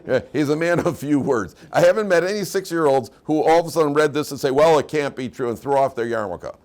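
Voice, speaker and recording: An older man, a rabbi, teaching a Torah class. He reads out Hebrew quotes and explains them in English with lively, conversational asides. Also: on the high side, fast talker.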